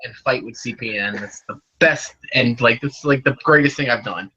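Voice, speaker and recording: A man's voice: medium pitch, moderate pace, husky. A man joking crudely in a casual livestream chat. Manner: joking, crude, loud outbursts. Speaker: channel creator. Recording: dull lo-fi call audio.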